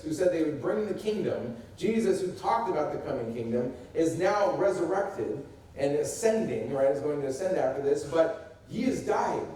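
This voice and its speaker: Pastor preaching in an echoey church. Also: male voice, on the high side, mellow. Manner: reads scripture then preaches conversationally, acting out quotes. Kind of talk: sermon. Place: church sanctuary. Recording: echoey room heard from a distance.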